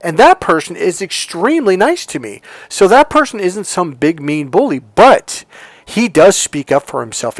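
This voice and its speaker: A middle-aged man giving an emphatic, profane motivational talk as a relationship coach. He swings between loud commands and quiet asides. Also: a little high, no echo.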